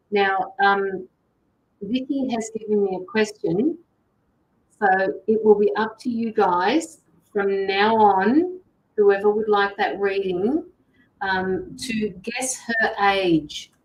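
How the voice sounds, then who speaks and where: A woman's voice: mid-range voice, muffled recording. An Australian woman hosting a tarot livestream, chatting casually and greeting viewers as she reads out their comments. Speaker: tarot reader and livestream host.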